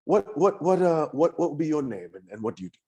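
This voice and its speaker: A man's voice: a little high, very animated, fast talker, a little mellow, slightly rough, muffled recording, pitched above the performer's own voice, heavily acted. A man voicing a nervous, polite male patron of elfin heritage who stammers as he hires adventurers.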